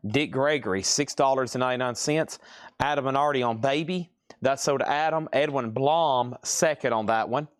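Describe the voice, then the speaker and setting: A man's voice: mid-range voice, no room sound, clean studio sound. A man with a Southern US accent, hosting a live record sale, drawing out his words and reading titles and prices in a chatty way. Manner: drawls out words.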